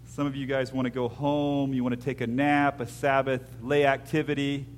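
A man preaching a sermon as pastor, moving between hushed, intimate lines and loud acted-out scenes, with jokey asides. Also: mid-range voice, flat delivery, moderate pace, a little hiss or hum.

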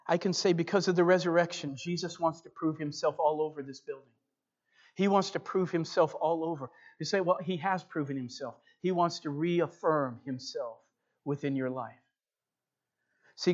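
A man preaching a sermon, reading a story aloud and then pressing the point, earnest and emphatic, loud at times and quiet at others. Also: a little high. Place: church building. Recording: dull lo-fi recording.

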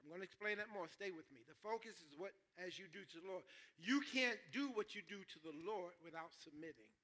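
A man preaches in church, his tone high and bright. He is animated and joking, and he keeps checking in with the congregation as he teaches from the scripture. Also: fairly quick. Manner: animated, jokes with the congregation, calls out "stay with me". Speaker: pastor. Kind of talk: sermon.

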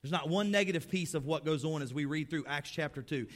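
A middle-aged male pastor preaching a sermon in a conversational way, dropping to a hushed, prayerful tone and then lifting to emphatic points. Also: on the high side, quick pace.

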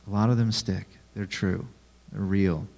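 A man's voice: lowish voice, steady tone, a little slow, vocal fry, mellow. Man preaching with rhetorical questions. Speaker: pastor. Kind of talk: sermon.

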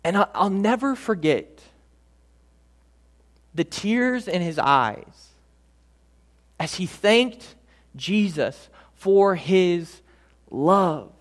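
A man preaching a sermon in a slightly higher voice, building to emphatic lines, then dropping to soft, drawn-out words. His delivery is dynamic and heartfelt. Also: expressive. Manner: dynamic preaching, drops to soft near-whispers on key words; slows right down for emphasis. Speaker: pastor.

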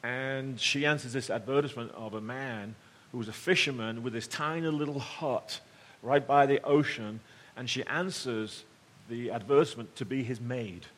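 A middle-aged man gives a sermon as if telling a story to friends. His voice sits in a middle range, and he moves between quiet, intimate passages and louder, emphatic ones. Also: medium pitch, moderate pace. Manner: conversational, swings between loud emphasis and hushed tones. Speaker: pastor.

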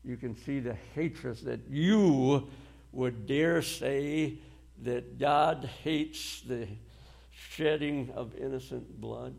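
A male preacher delivers a sermon at an unhurried, measured pace, letting each phrase land before moving on. His voice has a gravelly, creaky texture. He speaks at a middle pitch with deliberate weight. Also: darkish tone. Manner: slow, deliberate delivery with pauses and short dry laughs.

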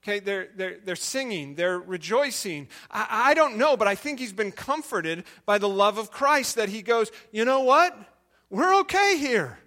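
A man's voice: sits high, expressive, moderate pace, hardly any pauses, sharp tone. A male preacher giving a sermon, retelling a story and asking the listeners questions.

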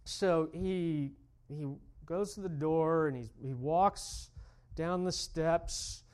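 A man's voice: a little high, slow, darkish tone, smooth. A pastor preaching a sermon, telling a story and then building to fervent, emphatic calls to his congregation.

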